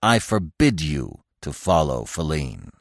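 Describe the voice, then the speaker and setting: A man's voice: extremely low pitch, very animated, slow, no echo, clean studio sound, voice pushed down, exaggerated voice. A man reading a storybook and voicing an angry male deer who barks commands. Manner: commanding, gruff.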